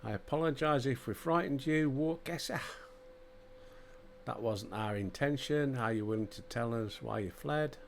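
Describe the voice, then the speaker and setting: An older man with a Yorkshire accent voicing a smooth-talking leader who offers work, read plainly in his own gravelly voice. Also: mid-range voice, moderate pace, slight background noise, close to an everyday voice. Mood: persuasive. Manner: reading game dialogue aloud in his own voice.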